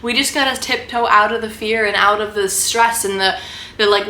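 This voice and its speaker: Faint background noise and echo fill the room as a young adult woman vlogs about spirituality with passion, rambling and peppering her talk with "like" and "right?". Her voice sits at medium pitch, sharp in tone, with fairly even intonation and normal speed.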